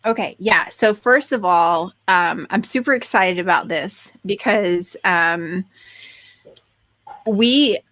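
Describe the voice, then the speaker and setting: An enthusiastic woman co-hosting a casual podcast, her voice pitched at a middling level. She restarts her sentences often and leans on fillers, and the recording is close and dry with no room sound. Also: slow pace, fairly bright tone, no room sound. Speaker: podcast co-host.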